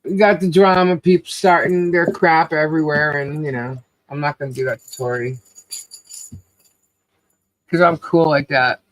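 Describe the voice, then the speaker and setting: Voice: mid-range voice, fairly even intonation, moderate pace, long pauses, no room sound. A podcast co-host chatting casually on a livestream, cheerfully calling out viewers' names and laughing often.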